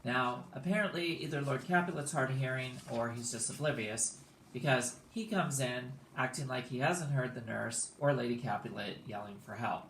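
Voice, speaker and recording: A man's voice: mid-range voice, moderate pace, a bit bright, a little hiss or hum. Laid-back male teacher recapping a play; echoey room. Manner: casual, explanatory, with fillers.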